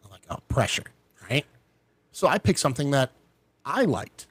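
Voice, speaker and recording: A middle-aged man telling a story in relaxed conversation. He talks in an animated way and jumps up in pitch whenever he plays other people's lines. His voice sits in a middle register, recorded dry with little room sound. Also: moderate pace, pauses often, no room sound. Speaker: podcast guest. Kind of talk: casual storytelling.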